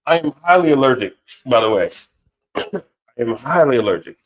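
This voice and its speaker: A man's voice: mid-range voice, sing-song, moderate pace. A man, an appliance technician, chatting casually on a livestream, often restarting his sentences. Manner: casual, repetitive, starts over a lot. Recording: dull sound with faint music.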